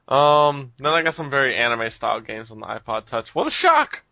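A man's voice: mid-range voice, normal speed, gravelly, dry recording, lo-fi sound. A man hosting a casual podcast chat, rambling with lots of ums and frequent chuckles. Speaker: podcast host reviewing games.

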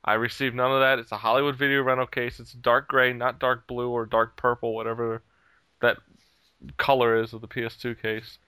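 A man's voice: medium pitch, level tone, brisk, pushed and bright, clean tone, dry recording. A man telling a heated story in casual chat, swearing freely and laughing at himself along the way. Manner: heated, profane, laughs at his own story.

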